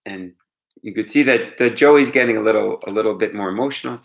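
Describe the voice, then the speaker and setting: A man telling a true story aloud, animated, with dramatic pauses. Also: lowish voice, gravelly. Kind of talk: oral storytelling.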